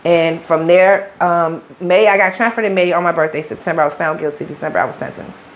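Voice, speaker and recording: With a Chicago accent and a voice on the low side, a middle-aged woman talks a little fast as an interview guest. She tells her story in blunt, profane street talk, and faint background noise is audible.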